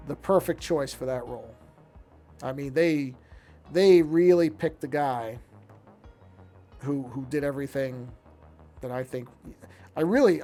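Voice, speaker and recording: While drawing on a stream, a man chats casually in a mellow, medium-pitched voice. He muses aloud and keeps restarting his sentences.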